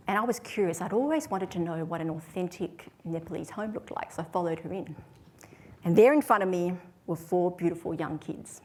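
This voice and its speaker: A woman, giving a prepared talk to an audience in a measured storytelling way. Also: lowish voice, darkish tone. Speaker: speaker.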